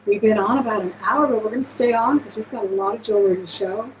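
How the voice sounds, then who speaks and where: A woman's voice: mid-range voice, fast talker, a little hiss or hum, low-quality recording. A woman hosting a live-stream jewelry auction, chatting casually and gushing thanks to her viewers.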